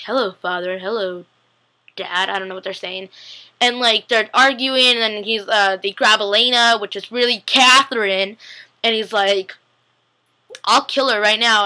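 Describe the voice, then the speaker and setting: A young woman vlogger casually recapping a TV episode, chatty and giggly, acting out the characters' lines in quick voices. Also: on the high side, bright, forceful tone, poor audio. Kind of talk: casual chat.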